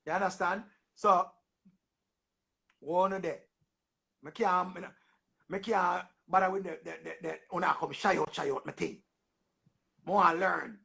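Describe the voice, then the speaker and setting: A young man with a Jamaican accent, hosting a casual livestream and bantering in animated patois, often repeating himself. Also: sits high, normal speed, vocal fry, long pauses, breathy edge. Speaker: livestream host. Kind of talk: casual livestream chat with callers.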